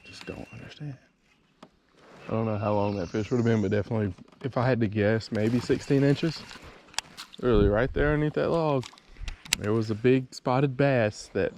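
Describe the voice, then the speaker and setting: A man, vlogging while fishing from a kayak and talking excitedly and frustratedly to himself. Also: mid-range voice. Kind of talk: casual vlog talk to camera. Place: outdoors on a kayak on a lake. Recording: noisy outdoor camera audio.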